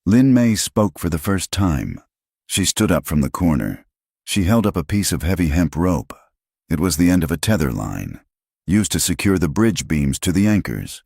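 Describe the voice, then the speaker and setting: A man narrating a story in a measured, even audiobook style. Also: low voice, creaky, breathy edge, no room sound, studio quality.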